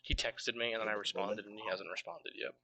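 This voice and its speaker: A man acting as game master for a tabletop game, talking in a relaxed, offhand way. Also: on the low side, fairly quick, creaky, a little hiss or hum.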